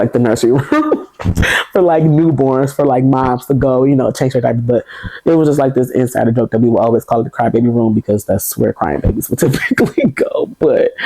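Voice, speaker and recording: Woman, young adult, warm tone, dry close sound, podcast testimony. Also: extremely low pitch, no room sound, poor audio. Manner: animated, laughing, acts out quoted voices. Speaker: podcast guest sharing testimony. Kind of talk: casual storytelling testimony.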